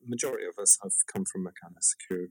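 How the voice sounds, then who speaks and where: A man's voice: low voice, racing, a little mellow, slightly rough, dry recording, poor audio. A man co-hosting a podcast over a call, rambling and hesitant with lots of fillers. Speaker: podcast co-host. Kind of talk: casual podcast chat.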